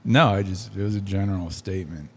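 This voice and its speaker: A man's voice: low-pitched, quick pace, husky. A man co-hosting a podcast, chatting casually with dry, teasing quips. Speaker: podcast co-host.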